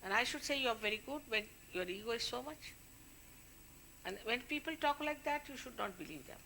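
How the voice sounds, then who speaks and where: A woman's voice: fairly high pitch, expressive, moderate pace, bright, forceful tone, slight background noise. A woman, a spiritual leader, giving an informal talk to her followers, warning and scolding them in a conversational way.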